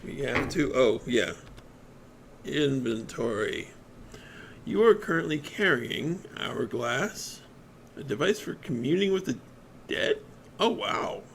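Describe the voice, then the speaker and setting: A man casually commenting on a game as he plays, reading its text aloud and thinking out loud in a hesitant way. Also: mid-range voice, big pitch swings, slow, creaky, long pauses, a little hiss or hum. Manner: hesitant, thinking aloud with many ums and restarts. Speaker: let's play gamer.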